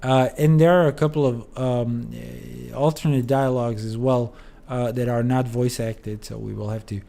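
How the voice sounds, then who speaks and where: A man's voice: mid-range voice, fairly even intonation, normal speed, gravelly, mellow. A sleepy man streaming a video game, rambling through commentary with lots of fillers. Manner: rambling, hesitant, many fillers. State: sleepy, yawning. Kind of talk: casual let's play commentary.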